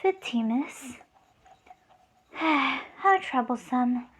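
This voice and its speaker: A woman's voice: sits high, animated, takes it slowly, heavily acted. A young woman voicing a bored, mighty female demon lord with a casual, weary delivery.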